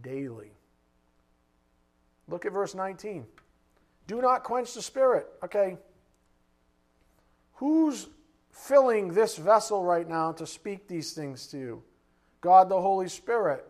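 A male preacher with a fairly high voice delivers a sermon. He fires blunt rhetorical questions at the room and swings between loud emphasis and quiet asides. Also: lively intonation, measured pace, pauses often.

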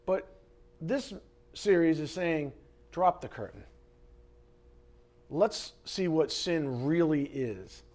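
Male pastor, sermon, fairly high voice, dramatic, loud then hushed. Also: expressive, slow pace, long pauses. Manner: dramatic, swinging from loud emphasis to hushed asides.

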